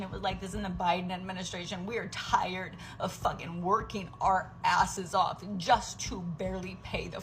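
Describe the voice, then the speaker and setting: Woman, working mother, raw profane rant to camera; emotional, slips into whispers, noisy recording. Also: on the low side. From United States.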